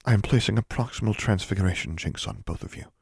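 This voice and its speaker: A man voicing a cold, stern female school dean who speaks in quiet, menacing, clipped commands. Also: low-pitched, expressive, brisk, husky, no echo, studio quality, full character voice.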